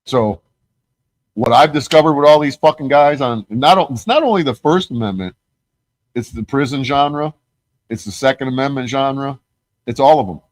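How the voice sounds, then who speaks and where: An agitated male host rattles through a grievance in casual, profanity-laced talk, tripping over restarts as he rushes on. His voice sits in an ordinary middle register. The sound is dry and close, with no room around it. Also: medium pitch, expressive, dry recording. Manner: profane, heated, rambling storytelling. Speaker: podcast host. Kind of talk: casual conversation.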